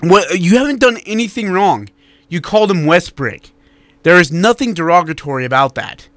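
Blunt, animated male sports radio co-host. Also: high voice, moderate pace, no echo. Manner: animated, blunt, reads listener texts aloud. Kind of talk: casual sports talk radio banter.

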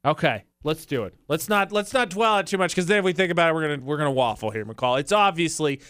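A man's voice: a little high, expressive, quick pace, a bit bright, smooth, no echo. A man co-hosting a radio show, chatting casually and teasing his co-host. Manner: joking, teasing.

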